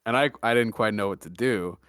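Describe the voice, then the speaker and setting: A young man hosting a podcast, telling a story in a deadpan, joking way with mock-serious asides. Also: fairly low pitch, brisk, smooth, no room sound, studio quality. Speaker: podcast host. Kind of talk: casual storytelling chat.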